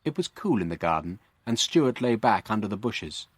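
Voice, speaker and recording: A man narrating a graded-reader story for English learners in a slow, clear and expressive way. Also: on the low side, no echo.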